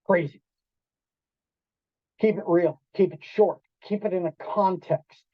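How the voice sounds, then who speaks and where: A man giving a storytelling talk to an audience in a restaurant event room, animated, acting out quoted voices and quizzing the listeners. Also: high voice, slow pace, dry recording. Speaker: keynote speaker. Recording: dull lo-fi dry sound.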